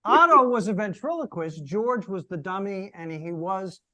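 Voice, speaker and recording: A man's voice: sits high, animated, moderate pace, crowd noise. An older man hosting a comedy podcast, enthusiastic as he praises and explains. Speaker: podcast host. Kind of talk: casual chat.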